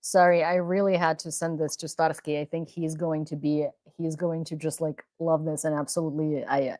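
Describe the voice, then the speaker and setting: A young woman from Ukraine hosting a live-streamed news chat, excitable and rambling, with many restarts. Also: sits low, normal speed, hardly any pauses, no room sound. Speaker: host and independent reporter. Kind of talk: livestream commentary chat.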